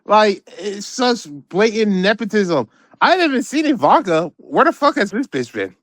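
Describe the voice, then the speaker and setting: A man with a high voice rants about the news as a podcast co-host. His talk is profane and rambling, full of repeated words, and his voice sounds close and dry. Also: big pitch swings, moderate pace, fairly bright tone, dry recording. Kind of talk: casual political commentary.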